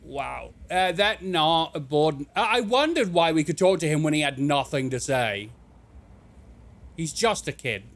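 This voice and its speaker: A man chatting his way through a video game stream, joking and reacting with disbelief. His voice sits a bit high and moves in a lively way. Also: measured pace. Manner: joking, incredulous, laughs often. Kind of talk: casual gameplay commentary.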